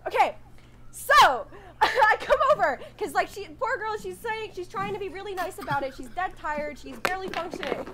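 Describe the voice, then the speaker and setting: A young woman from Canada telling a crude, animated story on a casual podcast over a video call. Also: very high voice, normal speed, very noisy. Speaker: podcast co-host.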